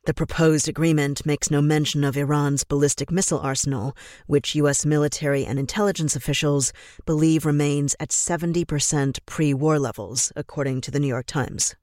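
A man delivering scripted political commentary in a measured, grave and emphatic way. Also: a little high, fairly even intonation, a little mellow, no room sound, clean studio sound.

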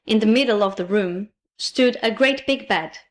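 A woman narrating a fairy tale with expressive, playful emphasis. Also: mid-range voice, normal speed. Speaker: storyteller. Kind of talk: storybook narration.

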